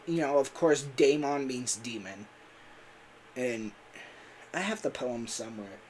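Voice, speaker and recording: A man who does character voices talks casually on a livestream, rambling with frequent fillers and laughs. He has a mid-range voice, and a little hiss or hum runs under the audio.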